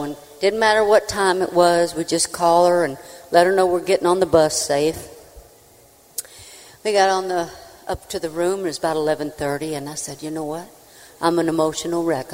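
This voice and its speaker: A woman, a country singer, telling a folksy, animated comic story on a live stage before an audience. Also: on the low side. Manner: folksy, animated, with acted-out voices. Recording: reverberant live hall.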